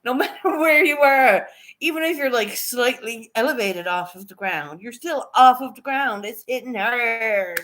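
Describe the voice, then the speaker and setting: In a relaxed storytelling chat, this livestreaming vlogger recounts something funny, laughing often and swearing freely with animated energy. Her voice is a little high and her delivery a little slow.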